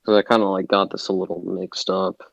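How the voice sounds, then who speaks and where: Young male debater, low flat voice, halting and filler-heavy, dull dry lo-fi mic. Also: vocal fry, no echo. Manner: hesitant, heavy filler words, loses track. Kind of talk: casual online debate.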